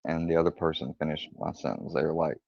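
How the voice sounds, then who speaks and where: A man's voice: very deep voice, fairly even intonation, fast talker, vocal fry, a little mellow, no echo. A man streaming live, telling rambling personal stories in a casual, profane way and acting out the lines of the people in them. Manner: rambling, profane, retells dialogue with quoted voices. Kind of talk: casual storytelling livestream. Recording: dull lo-fi stream audio.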